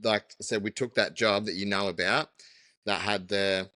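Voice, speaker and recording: Bright, low-voiced man chatting. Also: fairly even intonation, no echo. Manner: chatty, halting storytelling with many fillers. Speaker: guest, electrician business owner. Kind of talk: casual podcast chat.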